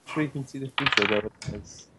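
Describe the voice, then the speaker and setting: Man, game player, casual, hesitant, mid pitch. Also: fairly quick, background noise. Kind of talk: casual chat at a game table.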